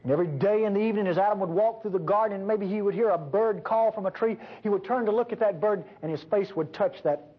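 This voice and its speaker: A man with a high, husky voice preaches a sermon with fervor. He swings between loud, emphatic bursts and quiet, hushed passages. The recording sounds dull and lo-fi. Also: fast, few pauses.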